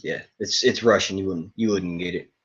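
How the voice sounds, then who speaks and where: A man streaming casual chat to his viewers, excitable and profane, full of slang and jumping between topics. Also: low voice, normal speed, dull audio. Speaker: YouTube reviewer streaming to viewers.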